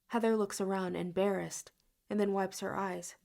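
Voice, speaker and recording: Woman audiobook reader, first-person narrator, mid pitch, some vocal fry. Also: fairly even intonation, normal speed, a little mellow.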